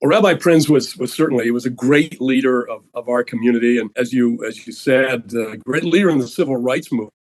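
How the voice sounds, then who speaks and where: A man's voice: mid-range voice, brisk, hardly any pauses, no echo. Man asking interview questions, dry sound. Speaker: interviewer, CEO host.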